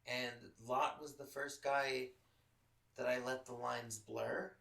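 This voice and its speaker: A man's voice: medium pitch, level tone, slow, vocal fry, pushed and bright, reverberant, far from the mic, low-quality recording. Profane, candid man telling a story. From Los Angeles. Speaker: podcast host. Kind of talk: casual chat, storytelling.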